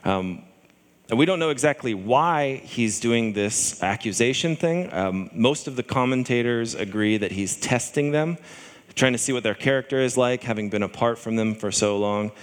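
A man's voice: mid-range voice, moderate pace, big-room sound. A man preaching a sermon in a conversational way, often acting out the voices of people in scripture.

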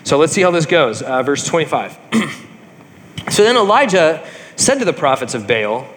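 A man teaching a Bible study, reading passages aloud and then retelling them in a casual way, often saying "um" and "like" and clearing his throat. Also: fairly high pitch, big pitch swings, moderate pace, fairly bright tone. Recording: long reverb, faint background noise.

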